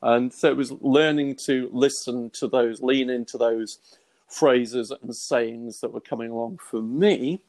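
A man's voice: medium pitch, measured pace. Earnest middle-aged man teaching on faith. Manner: earnest, lively, acts out quoted thoughts, frequent restarts. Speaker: Christian teacher. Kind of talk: conversational teaching.

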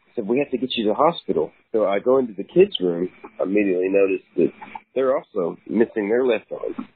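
Husky man on a phone line. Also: on the low side, dry recording. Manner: earnest, puzzled storytelling. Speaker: caller. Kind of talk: recounting a dream on voicemail.

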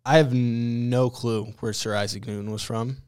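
A man's voice: medium pitch, fairly even intonation, moderate pace, darkish tone, clean tone. A young man co-hosting a casual podcast from a room at a school, joking around. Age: young adult. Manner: joking, puts on silly voices for quotes. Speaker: podcast co-host. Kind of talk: casual chat.

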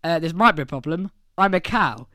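A man voicing a cow who is easily impressed and wants to join the band, in a raised, excited voice. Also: fairly high pitch, brisk, dry recording, studio quality. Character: cow, easily impressed bass-playing bandmate.

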